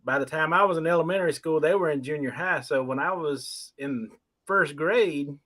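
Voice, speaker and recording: A man's voice: fairly high pitch, normal speed, fairly bright tone. A man in his forties, a livestream guest, talking easygoing and stammering on his starts. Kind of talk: casual conversation.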